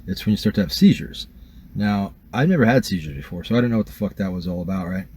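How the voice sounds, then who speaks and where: A man's voice: sits low, animated, quick pace, a little mellow, slightly rough. A man telling a rambling, profane first-person story to his camera as a vlogger, filled with likes and ums. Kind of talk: casual first-person account.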